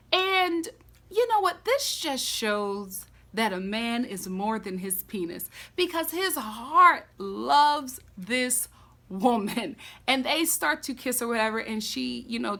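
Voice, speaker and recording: A woman giving a casual, animated and sassy recap of a TV episode, full of dramatic reactions. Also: fairly high pitch. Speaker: recap vlogger.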